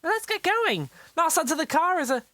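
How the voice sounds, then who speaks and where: Someone putting on a gentle doting mother, sing-song, swoopy pitch, no room sound. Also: big pitch swings, brisk, no echo, exaggerated voice. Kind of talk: homemade storybook voice acting.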